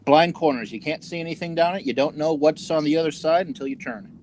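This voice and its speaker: A man's voice: a little high, fast, darkish tone, a little hiss or hum. A young man ranting heatedly about video games on a casual podcast, stumbling and restarting his sentences. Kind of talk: casual gaming podcast chat.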